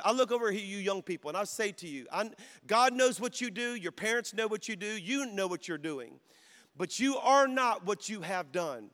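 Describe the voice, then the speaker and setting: High-voiced preacher man in a reverberant hall. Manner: storytelling preacher who builds to loud, emphatic exhortation and calls to the crowd. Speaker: pastor. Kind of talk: sermon. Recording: long reverb of a large hall.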